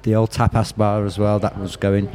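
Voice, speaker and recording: A man's voice: fairly low pitch, level tone, moderate pace, background noise. A man with a Birmingham accent, telling candid stories in an interview with blunt, profane talk and frequent restarts. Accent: Birmingham English. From Birmingham, England. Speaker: interview guest. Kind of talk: candid storytelling.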